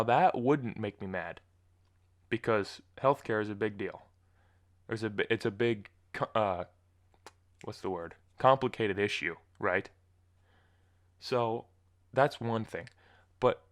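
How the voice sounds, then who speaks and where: Young male podcast host, lower voice, loose solo rant full of restarts and annoyance. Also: measured pace, pauses often. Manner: rambling, exasperated ranting with restarts. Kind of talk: casual solo monologue.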